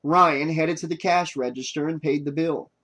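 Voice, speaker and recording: A man narrating a horror novel audiobook in a steady, even storytelling manner. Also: fairly high pitch, normal speed.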